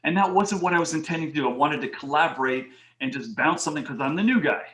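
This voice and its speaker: Animated middle-aged man in a roomy space. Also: a little high, quick pace. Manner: animated, acts out quoted dialogue, many "you know" fillers. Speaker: HR and talent advisor, interview guest. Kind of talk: casual interview storytelling. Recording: roomy echo.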